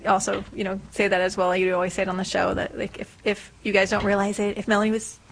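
A woman's voice: medium pitch, completely flat delivery, fast, creaky, a little hiss or hum, poor audio. A middle-aged woman, a guest in a radio studio, telling a story in a chatty way and acting out quoted lines. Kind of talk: casual radio conversation.

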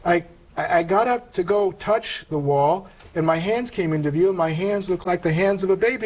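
A middle-aged man earnestly telling a personal spiritual testimony in an interview, halting and emotional, with many pauses and fillers. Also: high-pitched, darkish tone, a little hiss or hum, rough recording. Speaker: interview guest.

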